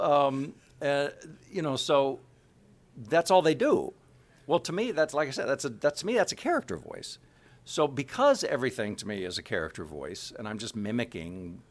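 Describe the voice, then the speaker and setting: Animated man with a lively, low voice. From Kansas City, USA. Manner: animated, slips into character voices mid-sentence. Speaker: voice actor. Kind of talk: casual interview chat.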